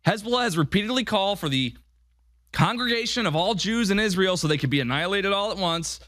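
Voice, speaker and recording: A man's voice: high voice, animated, quick pace, fairly bright tone, a little hiss or hum. Emphatic man hosting a political talk show. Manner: emphatic, repetitive rhetorical questions. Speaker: podcast host. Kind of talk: political commentary monologue.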